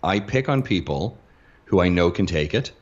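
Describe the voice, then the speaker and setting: A Canadian man chatting as a podcast guest, fast and chatty with stumbling restarts, over dull lo-fi audio. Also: sits low, expressive. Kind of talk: casual chat.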